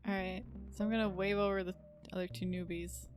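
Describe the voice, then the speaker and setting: A woman playing in a tabletop role-playing game, talking casually and quickly planning what her character does. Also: medium pitch, little pitch movement, soft background music. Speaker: player. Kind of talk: tabletop role-play chat.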